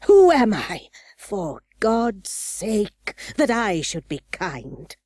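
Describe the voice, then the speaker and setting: A woman's voice: low-pitched, big pitch swings, slow, no echo, clean studio sound, exaggerated voice. A woman voicing a bitter, brooding old jilted woman who flashes into sudden wrath, in an audiobook. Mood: wrathful. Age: older. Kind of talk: audiobook dialogue.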